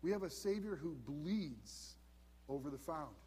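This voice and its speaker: A man in his fifties preaching a sermon as pastor, earnest, dropping to hushed emphasis on key points. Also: a little high, animated, measured pace, breathy edge, in a large hall. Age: 50s. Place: church sanctuary.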